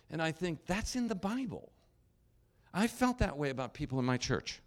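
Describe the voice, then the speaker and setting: A man's voice: a little high, lively intonation, normal speed. A man preaching a sermon as a pastor, in a conversational, wry way with asides and restarts.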